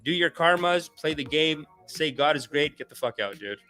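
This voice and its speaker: A male comedian hosting his stream, who rants in a loose, animated, profane way and keeps slipping into character voices. His voice sits fairly high and sounds bright and sharp, with faint music underneath. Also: moderate pace. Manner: animated, swears, acts out voices. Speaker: comedian host. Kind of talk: casual comedic rant.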